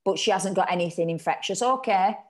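A woman voicing a blunt, bossy older working-class grandmother who shouts and insists. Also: mid-range voice, fairly quick, natural voice. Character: aging working-class mother, loud, scornful, bossy.

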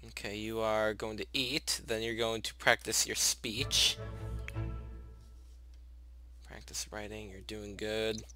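A man's voice: lowish voice, little pitch movement, slow pace, long pauses. A young man casually commenting on a life-sim game, chatting to his characters and gushing when something cute happens. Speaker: gaming channel host. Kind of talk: casual let's play commentary. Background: soft background music.

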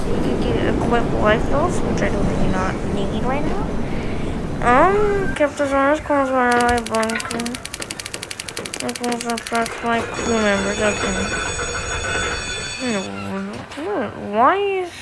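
A woman giving excited, chatty gameplay commentary who repeats herself when things get tense. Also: fairly high pitch. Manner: chatty, exclaims and repeats itself under stress. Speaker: gaming video narrator. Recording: loud background noise.

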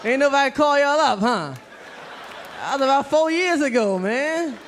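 A man's voice: extremely high pitch, animated, fairly bright tone, a little hiss or hum. A man doing a brash, profane stand-up routine on a club stage. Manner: brash, profane, rapid-fire. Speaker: stand-up comedian.

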